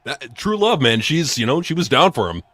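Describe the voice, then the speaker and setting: A man's voice: medium pitch, sing-song, moderate pace, pushed and bright, no echo. A man co-hosting a live wrestling reaction stream, trading laid-back, jokey banter and mock impressions. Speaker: co-host.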